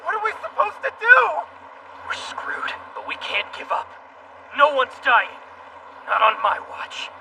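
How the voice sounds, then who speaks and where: A determined young anime hero. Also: male voice, extremely high pitch, wildly swooping pitch, unhurried, creaky, a little hiss or hum, full character voice. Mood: worried. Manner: determined, urgent. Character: earnest young male exorcist hero. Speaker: teen hero in an anime dub. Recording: distant voice under loud music.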